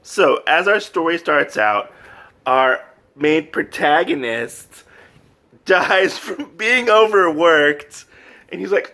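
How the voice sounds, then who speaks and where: A man casually recapping a manga, animated and full of fillers, laughing often. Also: high voice, slow. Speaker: manga reviewer. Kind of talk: casual review chat.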